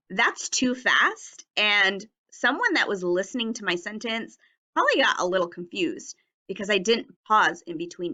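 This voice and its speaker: A woman teacher leading a children's writing lesson on video, speaking slowly and enunciating words carefully so young learners can follow. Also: on the high side, sharp tone. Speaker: elementary teacher.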